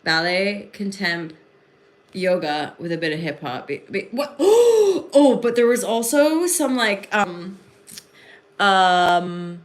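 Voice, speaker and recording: A woman with a lowish, animated voice speaks slowly into her phone during a casual evening livestream from home. She's a livestream host and spiritual reader who rambles and gushes, packing her talk with fillers.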